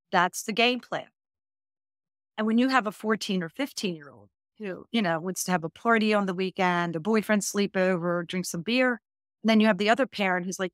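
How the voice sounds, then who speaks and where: A woman's voice: medium pitch, a bit bright, no room sound. Emphatic woman guest, dry sound. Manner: earnest and emphatic, builds points in lists. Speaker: divorce coach guest. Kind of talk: podcast interview conversation.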